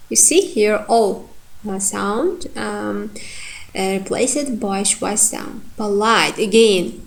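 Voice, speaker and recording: Female teacher, slow and careful, drilling example words in a phonetics lesson. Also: mid-range voice. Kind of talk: lecture on vowel reduction.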